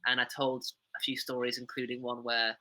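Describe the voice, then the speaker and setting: A man's voice: mid-range voice, monotone, brisk, pushed and bright. A man talking casually as a comedy podcast guest, rambling and self-deprecating with many fillers. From England.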